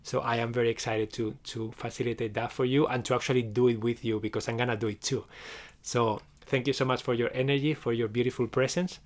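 A man hosting a live session as a meditation teacher, speaking gently and encouragingly, often checking in with "okay?" and restarting his phrases. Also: medium pitch, little pitch movement, quick pace. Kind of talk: live stream closing talk.

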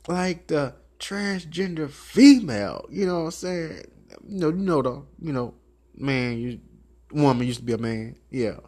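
A man's voice: high-pitched, a little slow. A man with a Memphis Southern accent hosting a talk show, telling stories in a rambling, profane, casual monologue. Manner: rambling, animated storytelling with profanity and laughs.

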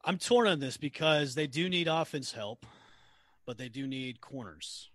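A man's voice: mid-range voice, animated, measured pace, a bit bright, no room sound. A man hosting a casual live sports chat, who often trips over names and says sorry. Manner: stumbles over names and apologizes. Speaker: host.

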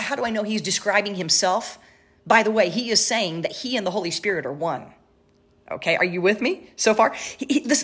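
A woman with a slightly husky voice teaching a Bible passage in sermon style, speaking straight to her listeners and sometimes dropping to a whisper. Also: mid-range voice. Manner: animated, talks straight to listeners, drops to a whisper for emphasis.

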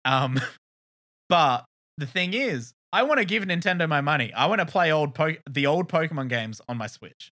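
Bright-voiced South Australian man. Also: fairly high pitch, lively intonation, moderate pace. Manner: rambling, laughing, swearing casually. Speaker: podcast co-host. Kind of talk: casual chat.

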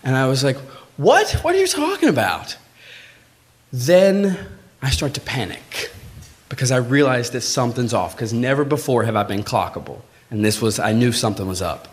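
A man telling a true personal story live on stage, in casual, swearing talk, acting out the voices of the people in it. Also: fairly quick. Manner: animated, acts out quoted voices with big pitch jumps; swearing, conversational, frequent "like".

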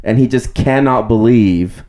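A man co-hosting a casual film podcast, talking in a halting way with frequent restarts. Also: mid-range voice, mellow. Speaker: podcast co-host.

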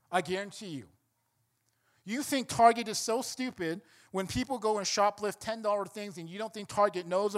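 A man preaching a sermon, telling a story and building to emphatic points. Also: sits high. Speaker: pastor.

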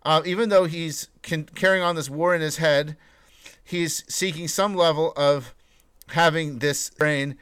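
A man with a fairly high voice talks through ideas on a podcast, restarting sentences and laughing now and then. His voice sits close and dry, with no room sound around it. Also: steady tone, unhurried, a bit bright, clean tone, dry recording. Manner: rambling, many restarts, laughs while talking. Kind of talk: casual podcast discussion.

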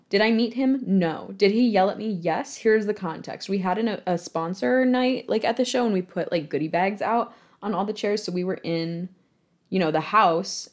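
A young woman from Michigan in her twenties, chatting casually in a rambling way about her work in theater, full of fillers and self-mocking laughs. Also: on the low side. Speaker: theater marketing worker. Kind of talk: casual storytelling monologue.

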